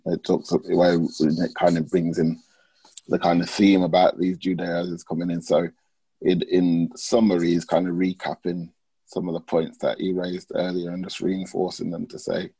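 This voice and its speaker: A man's voice: sits low, monotone, moderate pace, dark tone, husky, dry recording, low-quality recording. A man in a Bible study summarizing a passage, hesitant with fillers. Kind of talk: group discussion.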